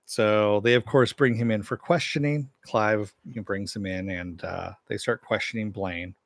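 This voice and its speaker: A man's voice: fairly low pitch, steady tone, moderate pace, vocal fry, no echo. A man giving a casual spoken recap and review of a TV episode, in a loose, conversational way, with frequent filler phrases and offhand swearing.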